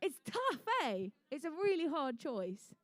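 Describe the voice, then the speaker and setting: A young English woman calls the action as referee, her voice pitched high and bright above most women's. She keeps up a playful, joking patter, and the sound is close and dry, with no room echo. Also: very animated, a little slow. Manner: playful, chatty, jokey asides. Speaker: referee and match commentator. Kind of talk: live event commentary. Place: indoor competition venue.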